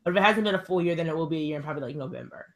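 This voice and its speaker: A woman with a lower voice talks candidly about personal matters. She hesitates often and fills her speech with "like.". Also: rapid-fire. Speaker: discussion guest. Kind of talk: casual chat.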